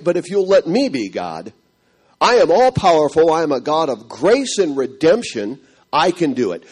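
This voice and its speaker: A man voicing God as a stern male figure, rebuking in a firm, loud tone. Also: on the high side.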